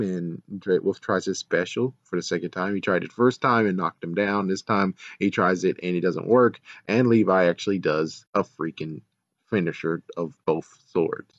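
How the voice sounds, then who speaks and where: A man with a fairly low voice rambles through a show recap, sarcastic and exasperated, swearing now and then. The sound is dull and lo-fi, with a dry, close feel and no room around it. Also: moderate pace, no echo. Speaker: show reviewer. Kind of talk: casual episode recap and review.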